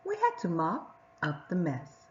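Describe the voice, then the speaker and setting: A woman teacher giving a patient reading lesson to young children, sounding out words and reading sentences slowly and clearly. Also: lowish voice, wildly swooping pitch, muffled recording.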